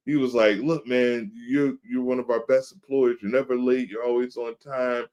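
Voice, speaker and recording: A man hosting a podcast, telling a story in a casual, animated way and acting out the other people's voices. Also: medium pitch, moderate pace, hardly any pauses, muffled recording. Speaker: podcast host.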